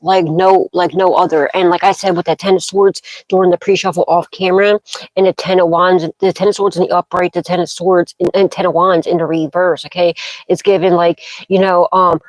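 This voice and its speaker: In a lowish, flat voice, a tarot reader speaks briskly; there's no room sound and the audio quality is poor. Moving rambling from card to card, she issues dramatic intuitive pronouncements and asks "okay?" along the way.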